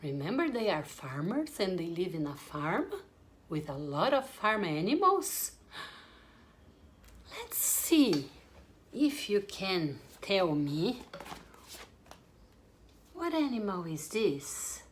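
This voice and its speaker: A young woman teaching English to small children online in a slow, sing-song, animated way. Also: fairly low pitch. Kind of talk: online kids' English lesson.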